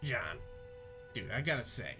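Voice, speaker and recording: A man's voice: mid-range voice, very animated, unhurried, sharp tone, husky, faint music behind, full character voice. A man reading the lines of a laid-back teenage boy who rambles in slang, with a cool, rambling delivery. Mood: earnest rambling. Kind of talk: comic reading of a webcomic.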